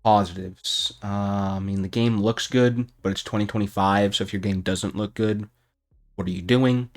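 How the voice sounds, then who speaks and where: A man's voice: lowish voice, fairly even intonation, normal speed, faint music behind. Man ranting hotly about a game. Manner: heated, profane, rising to shouting. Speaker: gaming YouTuber. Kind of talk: unscripted ranting commentary.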